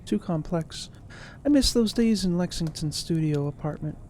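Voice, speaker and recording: A man's voice: on the high side, expressive, normal speed, darkish tone, a little hiss or hum, pitched above the performer's own voice, close to an everyday voice. A man voicing a wistful middle-aged woman, a former romance novelist, in a dreamy, rambling, self-mocking way.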